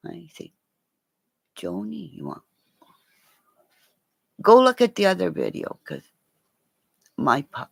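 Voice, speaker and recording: A woman's voice: extremely low pitch, big pitch swings, slow pace, gravelly, long pauses, fairly bright tone, no echo. A woman rambling and swearing in a casual livestream chat with her viewers, laughing often.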